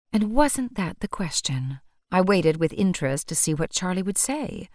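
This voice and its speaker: Woman narrating a novel, low and lively. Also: normal speed, no echo, studio quality. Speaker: audiobook narrator. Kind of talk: scripted audiobook narration.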